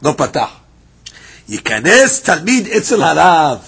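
Man, Talmud teacher, gravelly fry, very husky tone, lively storyteller. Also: fairly high pitch, a little slow. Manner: lively storytelling, reads Aramaic then explains in English. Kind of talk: daily Talmud class, reading and explaining.

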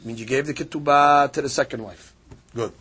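Speaking a little fast in a mid-range voice with a breathy edge, a man teaches Talmud, going back and forth through a passage and reading Aramaic lines between English explanations. He stays animated, with sharp upward jumps on the main points.

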